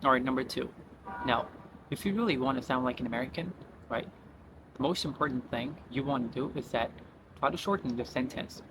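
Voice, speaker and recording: A man's voice: mid-range voice, fairly quick. Chatty man with traffic noise behind. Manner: peppers sentences with "right?" and "you know". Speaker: channel host teaching accent tips. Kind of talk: casual tutorial talk to camera.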